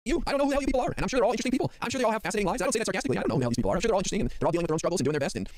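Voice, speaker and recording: A male streamer rants at breakneck speed, exasperated and incredulous. His voice sits high and swings widely. The sound is dry and close. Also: expressive, no room sound. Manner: exasperated, rapid ranting. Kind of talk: live stream commentary.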